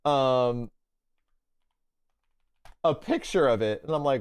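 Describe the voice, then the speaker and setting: A man streaming, chatting casually and excitedly with his viewers, swearing often and acting out his own past conversations. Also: mid-range voice, slow, pauses often, clean tone, no room sound. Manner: excitable, profane, retells talks in quoted voices. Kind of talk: casual livestream chat.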